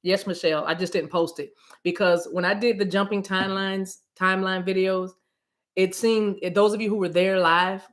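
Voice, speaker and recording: A middle-aged spiritual reader from the US East Coast chats casually on a livestream, rambling playfully and greeting viewers by name. Her mid-range voice is fairly even in intonation, at a moderate pace.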